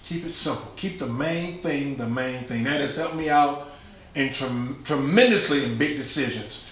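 A man preaching a sermon in a church, lively and conversational, acting out quotes and laughing along with the congregation. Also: mid-range voice, moderate pace. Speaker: pastor. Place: large church sanctuary. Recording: echoey church room.

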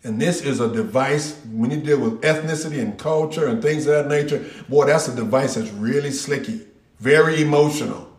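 A man's voice: mid-range voice, moderate pace, distant mic. A man preaching a sermon in an emphatic, repetitive, folksy manner. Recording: roomy echo.

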